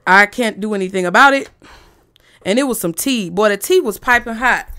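A woman's voice: mid-range voice, moderate pace, bright, forceful tone, smooth. A woman giving a tarot reading to her viewers, speaking bluntly and emphatically with a lot of profanity. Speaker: tarot reader.

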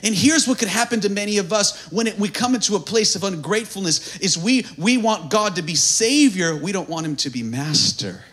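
A male pastor preaching at a church service, swinging from hushed, near-whispered lines to shouted, sing-song climaxes. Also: high-pitched, expressive, a little fast, hardly any pauses. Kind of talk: sermon.

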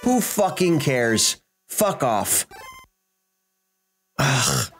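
His mid-range voice makes huge pitch swings yet moves very slowly, with faint music behind it. Hosting his gaming channel, the man curses and rants over the gameplay, flipping from yelling to mumbling.

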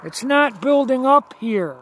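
High-voiced, slow-talking insistent man. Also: expressive, a bit bright, slight background noise. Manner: insistent, repeats himself, stammers on restarts. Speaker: video blogger. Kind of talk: filming outdoors, talking to viewers. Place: outdoors at night by a road. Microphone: phone camera held while filming.

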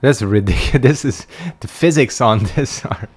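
A male streamer with a mid-range, slightly breathy voice comments casually on his gameplay at a moderate pace, sleepy and yawning while he makes wry, joking asides.

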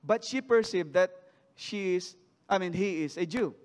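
Male preacher, high voice, reading scripture and questioning the church, long hall reverb. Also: normal speed. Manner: reads scripture then asks the congregation questions. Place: church sanctuary.

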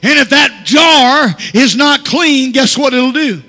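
A man's voice: extremely high pitch, takes it slowly, bright, forceful tone. A male pastor preaching a Pentecostal sermon, punctuating phrases with "uh" and calling out for amens. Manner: preaching with frequent "uh" fillers and calls for amen. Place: church sanctuary. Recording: long church hall reverb.

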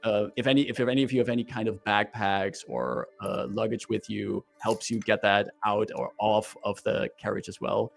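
A man as game master, narrating a tabletop game with vivid, unhurried scene-setting description. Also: fairly low pitch, fairly even intonation, gravelly.

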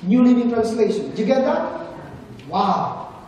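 Pastor giving a sunday sermon, mellow earnest voice, lots of questions to the crowd, far off mic, super echoey hall, faint hiss. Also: mid-range voice, sing-song, a little slow. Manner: earnest, asks the congregation questions. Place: church service in a large hall.

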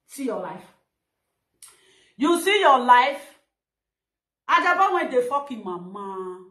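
A woman with a Nigerian Pidgin accent, scolding and insulting someone in a heated live-video rant full of loud exclamations. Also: sits high, big pitch swings, slow pace. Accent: Nigerian Pidgin English. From Edo, Nigeria. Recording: echoey room.

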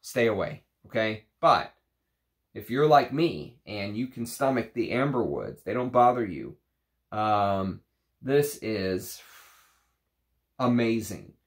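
A man's voice: on the low side, sing-song, takes it slowly, pauses often. A man casually reviewing perfumes from his collection, gushing enthusiastically with restarts and fillers.

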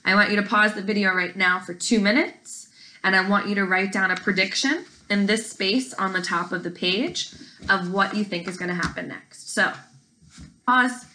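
Woman teacher, online lesson, friendly, encouraging, bright tone. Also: mid-range voice, normal speed, a little hiss or hum, rough recording. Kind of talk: reading aloud to students.

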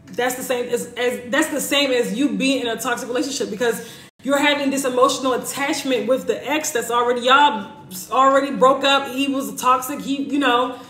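A woman's voice: sits high, normal speed, a bit bright. A woman hosting a live stream, chatting casually and reassuringly while she reads out and answers viewers' comments. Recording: echoey room.

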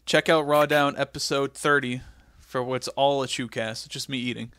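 A young man co-hosting a casual comedy podcast, recapping a wrestling show with animated storytelling and goofy impressions. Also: medium pitch, normal speed, clear, resonant tone. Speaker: podcast co-host.

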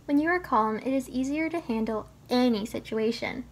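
Brief: a woman reading a children's book aloud, gentle and instructive, with a bright, high voice. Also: normal speed. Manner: gentle, teaching tone, speaks to the child listener. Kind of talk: storybook read-aloud.

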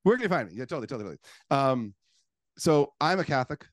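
A man's voice: mid-range voice, sing-song, racing, dry recording, studio quality. A man, a guest who works as a life coach, talking in a casual podcast conversation with an enthusiastic, argumentative manner.

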